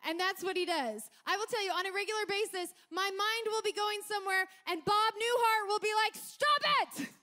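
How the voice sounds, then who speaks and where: Young woman preaching, super high voice, lively storyteller who yells the punchlines. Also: brisk, few pauses. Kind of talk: sermon.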